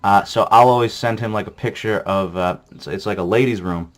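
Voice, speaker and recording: A man's voice: lowish voice, brisk. A man commenting crudely on a geography quiz he is playing, sarcastic and profane, rambling with lots of fillers.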